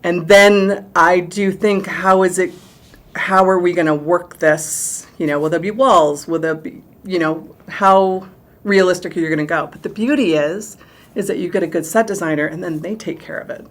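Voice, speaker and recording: Middle-aged woman, theatre director guest; animated, chatty, slightly low pitch. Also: normal speed. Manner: animated, chatty, laughs easily. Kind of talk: casual interview chat.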